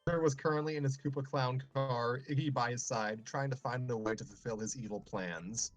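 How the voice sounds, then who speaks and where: A man reads a fan story aloud at a mid pitch, with joking asides. He clears his throat often between passages, and faint music plays underneath. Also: a little fast, rough recording. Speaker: story reader and show host.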